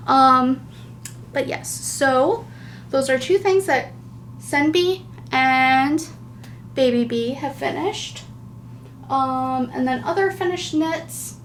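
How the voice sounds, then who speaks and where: A woman's voice: high voice, slow pace, a little hiss or hum. A woman hosting a knitting podcast, chatting casually and gushing, with lots of fillers. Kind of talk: casual chat.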